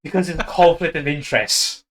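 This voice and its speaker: A man's voice: on the high side, animated, a little fast, a bit bright. A man streaming a game, chatting casually in a rambling, loose way. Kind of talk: casual chat while gaming.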